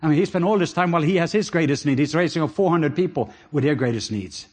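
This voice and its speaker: Norwegian-accented preacher, husky voice. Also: male voice, a little high, quick pace. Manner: animated, laughing asides, sudden drops to soft intimate tones. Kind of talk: sermon.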